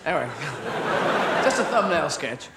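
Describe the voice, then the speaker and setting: A man's voice: fairly high pitch, sing-song, normal speed, gravelly. A man performing stand-up comedy in a rambling, whimsical way, often breaking off and interrupting himself. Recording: loud background noise.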